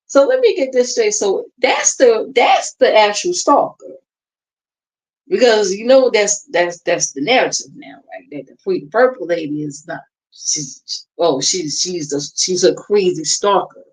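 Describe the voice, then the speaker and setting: A woman's voice: medium pitch, expressive, measured pace, rough recording. A woman hosting a casual reaction livestream, gossiping and mocking in a sassy, drawling way. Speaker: livestream host. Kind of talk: casual reaction stream chat.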